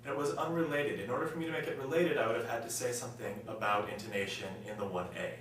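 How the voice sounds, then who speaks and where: Measured man directing a choir from afar. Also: mid-range voice, a bit bright. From Indiana, US. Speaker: music education student playing a choir director. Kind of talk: role-played choir rehearsal with analysis. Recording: echoey room, voice from far off, faint hum.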